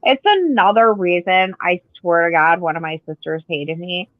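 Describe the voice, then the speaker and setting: A woman's voice: on the low side, normal speed, dry recording. Podcast co-host, woman with a chatty rambling style, dry and a little dull on the mic. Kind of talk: casual chat.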